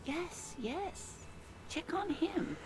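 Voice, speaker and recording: A woman voicing a kind old woman over sixty who speaks in a calm, gentle and reassuring way. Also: extremely high pitch, extremely slow, exaggerated voice.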